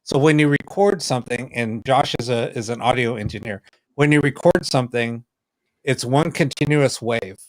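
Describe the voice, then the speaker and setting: A man of middle pitch tells a story in loose, casual chat. He keeps acting out what others said, lifting his voice to play them. The sound is dry and close, with no room echo. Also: normal speed. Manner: animated, acts out quoted dialogue. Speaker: podcast co-host, paranormal investigator.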